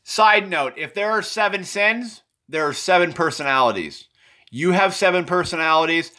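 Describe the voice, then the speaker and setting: A man talks through his drawings in a loose, wandering way, circling back and restarting phrases. His voice is fairly high and bright. His phrases often sink low and quiet as he trails off. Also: lively intonation, normal speed. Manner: meandering, repetitive, self-correcting. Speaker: presenter explaining his drawings. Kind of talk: rambling, unscripted explanation.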